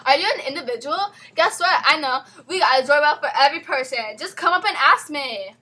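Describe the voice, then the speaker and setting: A woman acting as a perky female spokeswoman in a homemade mock TV commercial for doorbells, delivering a giggly sales pitch. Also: brisk, bright, forceful tone. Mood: playful pitch.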